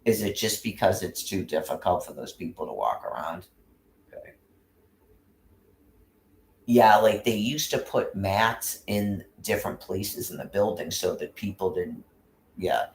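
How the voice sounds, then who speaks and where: A man's voice: deep voice, animated, unhurried, creaky, pauses often, a little hiss or hum. Angry, swearing man in an echoey room. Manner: angry, profane, rambling with restarts. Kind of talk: casual rant. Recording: roomy echo.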